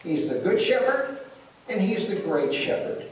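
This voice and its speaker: A man's voice: high voice, very animated, measured pace. A man preaching a sermon as pastor, telling folksy stories and making emphatic declarations. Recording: echoey room from far off with faint noise.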